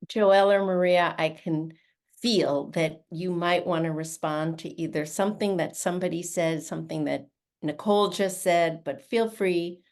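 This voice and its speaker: A woman co-hosting a podcast, moderating and inviting the guests to respond with gentle prompting. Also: on the low side, moderate pace. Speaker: podcast co-host. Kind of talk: moderating discussion.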